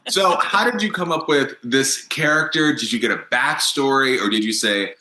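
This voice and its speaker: Bright-voiced man hosting in an echoey room. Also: mid-range voice. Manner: halting, many fillers and restarts. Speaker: podcast host. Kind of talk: casual interview chat.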